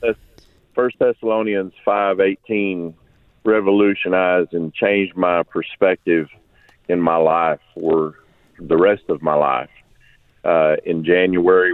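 Caller, a man with a deep voice, heartfelt and rambling, heard over a tinny, dry phone line. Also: fairly even intonation, a little slow, no room sound. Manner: rambling, heartfelt, with many restarts. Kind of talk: call-in testimony. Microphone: telephone.

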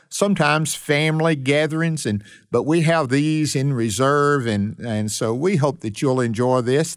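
A man's voice: medium pitch, no room sound, clean studio sound. A man hosting a radio Bible study as a pastor, talking with earnest preacherly emphasis.

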